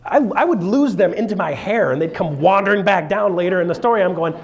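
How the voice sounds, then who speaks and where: A fairly high-voiced man runs a real estate seminar in an animated, joking way. He keeps asking the room questions and checking that people follow. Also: fast talker, gravelly, muffled recording. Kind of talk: live seminar talk.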